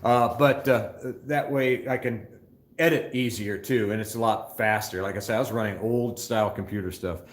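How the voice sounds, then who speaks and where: This older motorcycle channel host has a lowish voice, speaks at a normal pace, and sounds roomy. He's doing a casual phone live stream from a motorcycle shop, chatting in a scattered, rambling way while reading out viewer comments.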